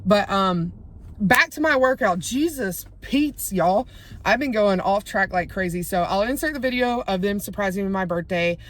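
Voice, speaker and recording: A woman talks to her phone camera from the seat of her car, chatty and rambling. She drifts off track and laughs at herself often. Her voice sits at an ordinary middle pitch. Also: expressive, moderate pace, a bit bright. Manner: chatty, rambling, easily sidetracked. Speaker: vlogger. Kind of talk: casual talking vlog.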